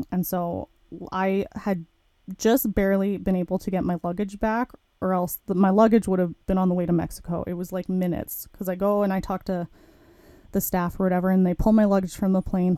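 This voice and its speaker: A woman's voice: lowish voice, little pitch movement, fairly quick, dark tone, no echo. A woman podcast host telling a personal story in a candid, frank way, swearing casually.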